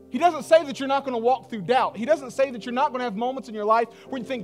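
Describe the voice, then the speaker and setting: A man's voice: extremely high pitch, fast, few pauses, faint music behind. A man preaching a sermon as pastor, earnest and emphatic, in casual everyday speech.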